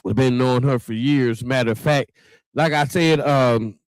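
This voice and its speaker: A man's voice: medium pitch, moderate pace, no echo. Male livestream host, folksy and chatty, talks straight to viewers, dry close sound. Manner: chatty, folksy, keeps addressing viewers as y'all. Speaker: talk show host. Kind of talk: casual livestream show hosting.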